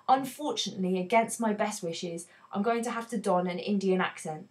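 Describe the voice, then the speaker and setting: A woman teaching a poetry analysis lesson, explaining in a clear, earnest way with emphatic stresses. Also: medium pitch, darkish tone.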